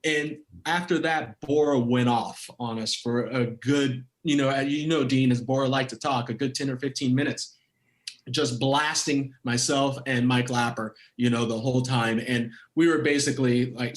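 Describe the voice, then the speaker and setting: A middle-aged man, a former pro footballer, telling a story as a podcast guest, animated and laughing often. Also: mid-range voice, moderate pace. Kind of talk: casual storytelling. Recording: roomy echoey sound.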